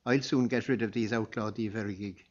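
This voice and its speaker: A man's voice: fairly low pitch, fairly even intonation, normal speed, muffled recording, close to an everyday voice. Man doing a blunt, tough cart driver.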